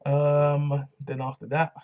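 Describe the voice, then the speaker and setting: A man's voice: a little high, completely flat delivery, slow, smooth, phone-quality sound. A man casually reviewing a wrestling show, laid-back and slangy, with lots of fillers.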